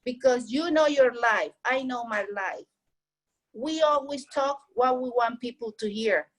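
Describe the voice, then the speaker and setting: A woman's voice: a little high, a little slow, poor audio. A woman whose first language is Spanish, giving heartfelt, earnest advice in a casual way and repeating her points to encourage the listener.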